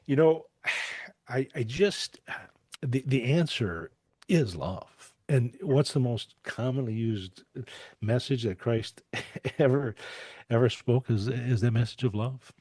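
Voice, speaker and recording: Husky-voiced man in his forties, storytelling. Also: mid-range voice, slow, a little mellow, dry recording, clean studio sound. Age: 40s. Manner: anecdotal, repeats words while thinking, laughs often. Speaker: guest. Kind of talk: storytelling in a podcast interview.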